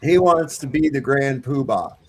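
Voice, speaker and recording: A man's voice: mid-range voice, lively intonation, a little slow, a little mellow, slight background noise. Profane man scoffing in casual chat. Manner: profane, scornful.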